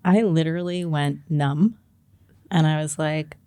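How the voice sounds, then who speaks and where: Low-voiced woman telling her story. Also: measured pace, clean tone, no echo. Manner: animated, acts out quoted dialogue with laughs. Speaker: podcast guest. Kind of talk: candid personal storytelling.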